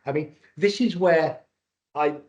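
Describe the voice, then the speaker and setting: A man's voice: on the high side, unhurried, a little mellow. A man from Cyprus and Britain presenting a live webinar over a video call, jokey and salesman-like. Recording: dull lo-fi webinar audio.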